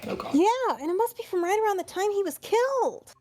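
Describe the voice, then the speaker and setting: Super high eager girl sidekick played by a woman, bouncy, dry close sound. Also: lively intonation, brisk, darkish tone, no echo, faint music behind. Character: young female sidekick investigator, eager.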